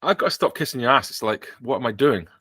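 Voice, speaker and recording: Bright-voiced joking British podcast host. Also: male voice, medium pitch, expressive, quick pace, slightly rough, no room sound. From Britain. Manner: joking, rambling with self-corrections. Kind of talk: casual chat.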